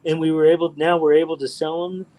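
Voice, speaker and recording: A middle-aged man from Texas talks in a blunt, rambling, profane way. His voice sits a little high for a man. He chats casually as the host of a livestream. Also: level tone, fast, warm tone, low-quality recording. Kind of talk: casual chat.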